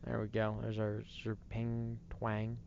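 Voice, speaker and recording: Tired gravelly man narrating a game. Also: on the low side, monotone, a little slow, dull audio, noisy background. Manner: laid-back, self-deprecating, thinks aloud. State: tired, late at night. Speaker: gaming streamer. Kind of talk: casual let's-play commentary.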